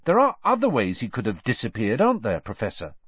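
An eager, quick-minded teenage schoolgirl pipes up with a raised, lively pitch, as a male reader voices her. The recording sounds dull and dry. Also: slightly rough, dry recording.

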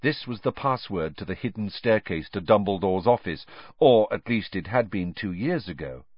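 A man's voice: lowish voice, expressive, normal speed, no room sound. Dramatic male audiobook narrator. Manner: dramatic storytelling. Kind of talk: scripted narration. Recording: dull dry recording.

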